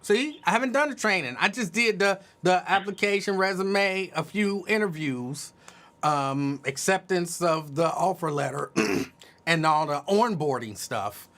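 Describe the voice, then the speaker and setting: Brief: male host, bright tense voice, relaxed banter, likes to correct people. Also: high-pitched, measured pace. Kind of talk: casual radio talk.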